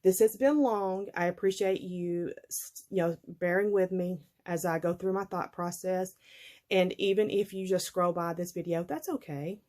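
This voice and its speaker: Lady vlogging, lowish voice, chatty and folksy, laughs a lot. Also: normal speed, a little mellow. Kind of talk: casual chat to viewers.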